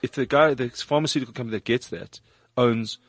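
Fast-talking husky man chatting. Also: medium pitch, no echo. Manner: fast, rambling, joking. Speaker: podcast host. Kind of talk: casual chat.

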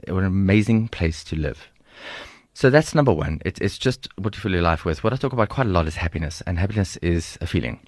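A middle-aged South African man with a South African accent, a guest telling stories in an interview in an animated, humorous way. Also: deep voice, fairly quick, dry recording. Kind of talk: storytelling interview.

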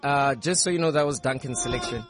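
A man's voice: mid-range voice, fast, over loud music. A man hosting a casual, joking morning radio show in a studio. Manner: loose, joking and upbeat. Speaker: radio host. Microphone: studio microphone.

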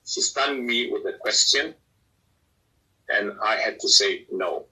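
A man's voice: lowish voice, slow pace, long pauses, sharp tone, breathy edge, low-quality recording. A man, an Islamic scholar answering questions in an earnest, exhorting manner that rises emphatically. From South Africa. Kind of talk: preaching, lively religious talk.

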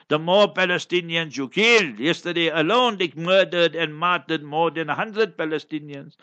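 A man's voice: on the high side, bright, forceful tone. A man giving an impassioned preaching Q&A as an Islamic scholar, chanting Arabic verses between fiery remarks. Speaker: Islamic scholar answering questions. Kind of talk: preaching Q&A talk. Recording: dull lo-fi recording.

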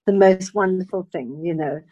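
A woman, an actress telling her story as a guest in dramatic, expressive bursts with stammered restarts. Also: on the low side, normal speed, breathy edge, no echo, lo-fi sound. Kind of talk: animated personal storytelling.

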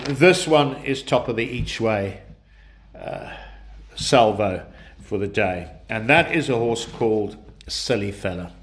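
A man's voice: medium pitch, fairly bright tone. A man, congested from flu, giving horse racing tips in a businesslike way and rattling off numbers and odds.

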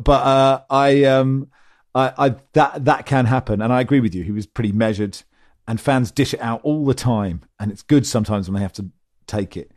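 A man's voice: mid-range voice, no room sound, studio quality. A man hosting a casual football podcast, teasing his guests and throwing questions around. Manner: wry, teasing, lively questions. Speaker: podcast host.

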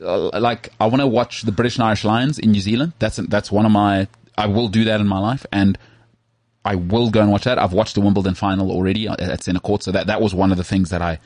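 A man's voice: lowish voice, fast talker, dry recording. A man co-hosting a sports podcast, telling jokey stories in casual chat. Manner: joking, animated storytelling with frequent "mate" and laughs. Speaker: podcast co-host.

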